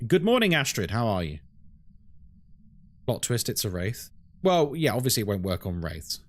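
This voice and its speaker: British male game streamer, casual explainer voice, lively pitch. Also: normal speed. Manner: chatty and explanatory, many fillers like "like" and "um". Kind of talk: live gameplay commentary, answering chat.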